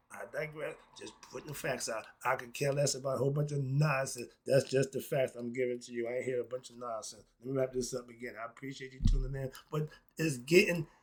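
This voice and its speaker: A middle-aged man, giving a blunt, ranting opinion monologue that swings between muttering and loud outbursts. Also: mid-range voice, breathy edge. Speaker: commentary vlogger.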